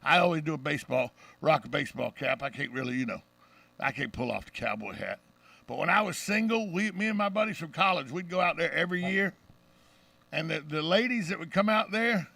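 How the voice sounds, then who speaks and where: A middle-aged man from the Deep South with a Southern accent, hosting a radio talk show with brash, joking banter. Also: animated, gravelly, bright, forceful tone, distant mic. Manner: brash, joking, fast-talking storyteller.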